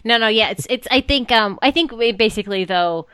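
Woman, podcast co-host, casual storyteller; smooth, resonant, dry close mic. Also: on the high side, animated, brisk, a bit bright, no echo. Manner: chatty, storytelling, many fillers. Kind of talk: casual chat.

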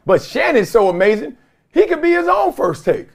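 A podcast host talks to a video camera or phone in his home basement, giving casual solo commentary. He's animated and slangy and laughs often, speaking at a moderate pace in a very high-pitched voice with vocal fry.

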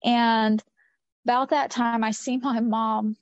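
A woman's voice: a little high, little pitch movement, takes it slowly, dry recording. A woman recounting a personal story in an interview, earnest and repeating phrases for emphasis. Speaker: interview guest. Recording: dull lo-fi sound.

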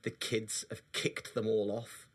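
A man in his thirties co-hosting a podcast in casual chat, animated, joking and often laughing. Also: lowish voice, measured pace, slightly rough. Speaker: podcast co-host.

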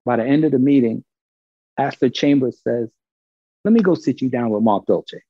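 A man from Brooklyn, telling a story in casual, animated talk and acting out the other people's lines. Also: medium pitch, moderate pace, husky, no room sound, dull audio. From Brooklyn, New York. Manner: animated, acts out quoted dialogue, swears freely.

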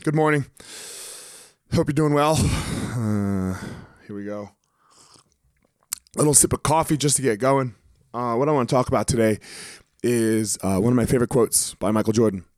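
A former fighter speaks straight to the camera in a loose, motivational monologue, cussing now and then and doubling up words to drive points home. His voice sits at an ordinary middle pitch. The sound is dry and close, with no room echo. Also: moderate pace, long pauses, a little mellow. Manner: casual, profane, repeats words for emphasis. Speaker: former professional fighter giving motivational talk.

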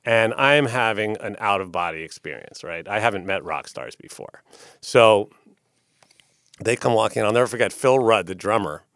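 A record label executive telling an animated story in a casual interview, profane and often tagging lines with "right?". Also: male voice, on the low side, normal speed, no room sound, clean studio sound.

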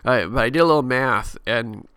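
Man, middle-aged, podcast host, casual devotional talk, rambling with fillers, bright tone, dry close sound. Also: mid-range voice, moderate pace, clear, resonant tone, dry recording. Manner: chatty, rambling, frequent fillers and self-corrections.

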